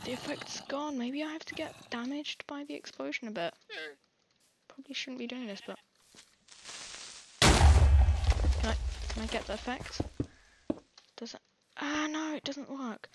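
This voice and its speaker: Over a very noisy recording, a gaming channel host from England speaks in a higher voice as she plays. Her live commentary is rambling and jittery, packed with panicked outbursts.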